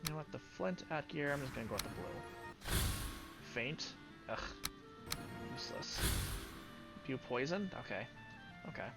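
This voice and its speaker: A man's voice: medium pitch, sing-song, moderate pace, vocal fry, long pauses, loud music behind the voice. A man casually commenting on his gameplay, thinking aloud as he weighs upgrades and mutters his choices. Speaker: gaming YouTuber.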